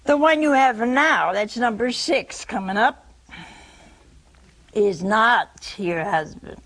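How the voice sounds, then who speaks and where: A woman preacher voicing Jesus as a calm, firm male teacher in a retold scripture scene. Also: on the high side, slow pace, exaggerated voice.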